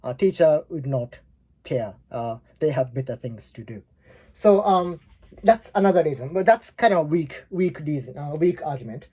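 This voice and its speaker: His voice is on the high side, expressive, mellow, and slightly rough, at normal speed. A man in his forties with a Japanese accent, he teaches a language lesson in a rambling, casual way full of fillers and restarts.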